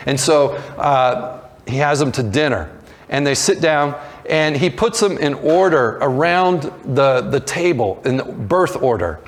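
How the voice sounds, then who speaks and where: A man's voice: medium pitch, animated, moderate pace. Male pastor retelling a story conversationally. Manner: storytelling with acted voices for characters; conversational with frequent restarts and fillers. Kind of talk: sermon.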